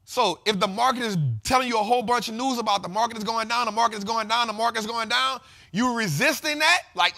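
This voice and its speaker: A man hosting a casual investing show, explaining market terms in slangy, repetitive, animated talk. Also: very high voice, fast talker. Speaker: host.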